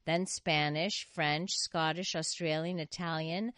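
A middle-aged woman hosts a frank, casual chat in a lowish voice, laughing often as she reads out listener texts. The sound is close and dry. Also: fairly even intonation, measured pace, fairly bright tone, clean tone, no room sound. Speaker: host.

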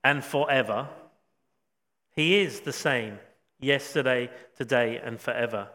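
A man preaching a sermon, reflective, with frequent pauses and restatements. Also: mid-range voice, bright, forceful tone. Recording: long hall reverb.

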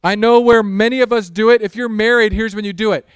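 A male pastor preaching a sermon in a church, opening with a prayer, animated with sarcastic asides and acted-out quotes. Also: sits high, fast talker, clean tone, dry recording. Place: church sanctuary.

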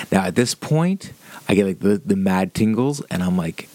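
Low-voiced man rambling through a profane story. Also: fairly quick, a little mellow. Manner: rambling, profane, with frequent fillers. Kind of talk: casual anecdote telling.

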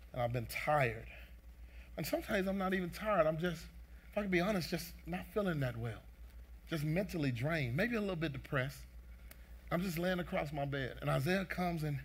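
A man's voice: fairly high pitch, slightly rough. A male pastor preaching a sermon with fervent, repeated emphatic phrases, speaking straight to his congregation.

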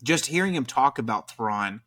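A man in his thirties hosting a fan podcast, chatting excitedly and casually. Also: medium pitch, normal speed. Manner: excitable, says freaking a lot. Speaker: podcast host.

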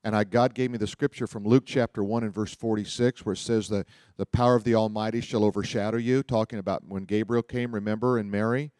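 A man's voice: lowish voice, steady tone, quick pace, a little mellow, no room sound, clean studio sound. A man preaching, telling personal stories in a loose, rambling way with frequent restarts. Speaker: pastor. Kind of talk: sermon storytelling.

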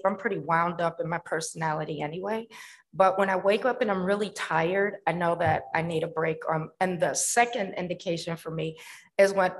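A woman speaking as a panelist at a conference, lively and self-deprecating, talking about her own work. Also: on the low side. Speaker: pediatrics professor, panelist. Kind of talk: panel discussion. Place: conference hall.

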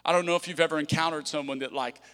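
A man preaching a sermon as pastor, energetic and conversational with humorous asides. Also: fairly high pitch, rapid-fire. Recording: long reverb of a large hall.

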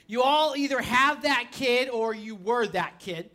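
Lady pastor preaching, bright sharp voice, gets loud and lively telling stories. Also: a little high, measured pace, hardly any pauses. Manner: animated storytelling, rising to shouts. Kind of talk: sermon.

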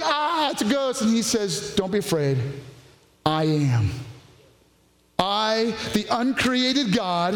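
High-voiced preaching man in an echoey hall. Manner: passionate preaching, shifting between rapid bursts and slow emphatic phrases. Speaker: pastor. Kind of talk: sermon.

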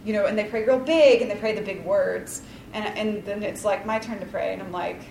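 A woman's voice: medium pitch, brisk, gravelly, noisy background. A woman leading a casual devotional talk, chatty and rambling, with lots of likes and ums and a self-deprecating tone. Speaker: Bible study leader. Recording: roomy, distant mic, faint ambience.

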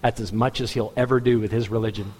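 A man preaching a sermon in a conversational, pointed way, jumping into a higher voice when he imitates people in the pews. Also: steady tone, fast talker, darkish tone, husky, in a large hall. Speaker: pastor.

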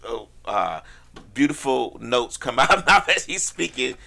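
A man's voice: mid-range voice, very animated, moderate pace, gravelly, sharp tone. A man co-hosting a casual podcast, joking crudely and laughing often. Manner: playful, crude, laughing banter. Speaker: podcast co-host.

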